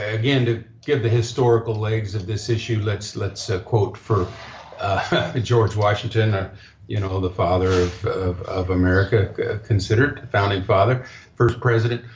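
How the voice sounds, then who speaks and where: A man's voice: lowish voice, a little hiss or hum. A man speaking as a guest in a casual interview, hesitant, with many fillers and restarts. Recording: echoey dull lo-fi line.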